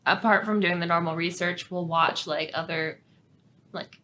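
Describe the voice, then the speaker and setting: Young woman cohost, bright sharp voice, laughs a lot, swears casually. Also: fairly low pitch, fairly even intonation, normal speed, a little hiss or hum. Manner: laughing, swearing, playful asides. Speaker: podcast co-host. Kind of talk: casual chat.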